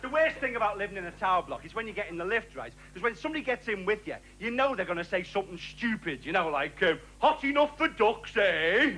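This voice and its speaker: A man performing a stand-up routine with deadpan, sardonic patter. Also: high voice, fast, few pauses, a little hiss or hum, rough recording. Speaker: stand-up comedian.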